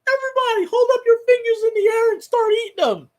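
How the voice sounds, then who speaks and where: A man mimicking a cocky young male football quarterback giving a shouty, rallying pep talk. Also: very high voice, fast talker, voice pushed up. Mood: hyped.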